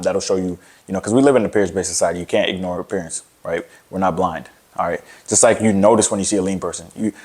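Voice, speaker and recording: Young man, low voice, rapid-fire delivery; blunt, profane fitness rant to camera, lots of restarts. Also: darkish tone, husky. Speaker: fitness content creator. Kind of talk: casual motivational rant to camera.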